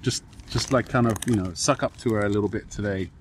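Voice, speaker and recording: A man's voice: fairly low pitch, quick pace, a little hiss or hum. A young man, chatting casually on a podcast, laid-back and reassuring, swearing casually, recorded outdoors by a railway track. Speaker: podcast co-host. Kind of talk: casual chat.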